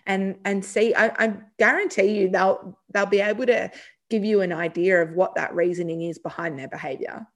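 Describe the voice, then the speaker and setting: A woman hosts a podcast, speaking in a loose, chatty manner. Her pitch sits in a middle range for a woman, and she talks casually, with plenty of fillers and restarts. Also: steady tone, normal speed. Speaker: podcast host, psychologist.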